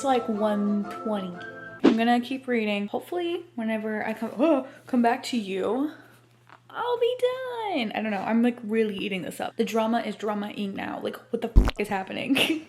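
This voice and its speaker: A woman's voice: medium pitch, a little mellow. A young woman in a casual reading vlog, emotional and dramatic, swearing freely as she reacts to a book. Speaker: book vlogger.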